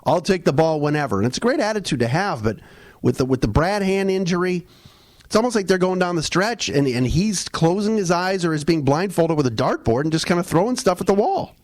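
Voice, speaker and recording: A man co-hosting a casual sports podcast, talking in an animated, rambling way with restarts and fillers. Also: high-pitched, brisk, no echo. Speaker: podcast co-host.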